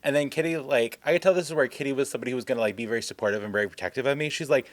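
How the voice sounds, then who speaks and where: A man's voice: mid-range voice, very fast, dry recording. A young man telling a casual storytime vlog, rambling and self-mocking, full of filler words. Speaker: vlogger.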